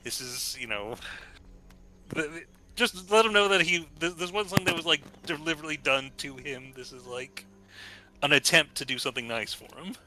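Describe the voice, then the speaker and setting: A man's voice: on the high side, fairly quick, bright, forceful tone, poor audio. A man playing in a tabletop game, talking in a hesitant, filler-heavy way. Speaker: player. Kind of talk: casual chat during a tabletop game.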